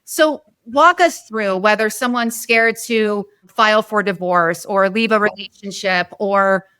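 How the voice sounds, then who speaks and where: A woman's voice: mid-range voice, unhurried, sharp tone, clear, resonant tone, no echo. A woman hosting a podcast interview, effusive and open about her own fears as she asks her questions. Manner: effusive, self-revealing. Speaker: podcast host. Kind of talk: casual interview.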